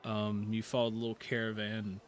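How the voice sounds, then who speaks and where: A man narrating as game master of a tabletop game, relaxed and full of fillers. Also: fairly low pitch, fairly quick, a little hiss or hum.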